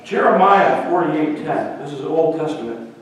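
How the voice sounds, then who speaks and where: A male pastor preaching a lively sermon in a church, swinging between loud and hushed. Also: on the high side, moderate pace, a little hiss or hum. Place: church sanctuary. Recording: echoey hall, voice from far off.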